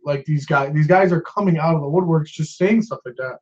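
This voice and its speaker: A man's voice: on the high side, moderate pace, a little mellow. Agitated, swearing man ranting on a dull lo-fi recording. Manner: agitated, swearing, repeats himself. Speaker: sports fan vlogger. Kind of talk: upset sports rant.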